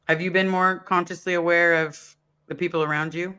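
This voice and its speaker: A man's voice: fairly high pitch, flat delivery, brisk, sharp tone, smooth. A man in casual conversation, telling an earnest story on a live stream and acting out his own thoughts. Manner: earnest, storytelling with acted asides.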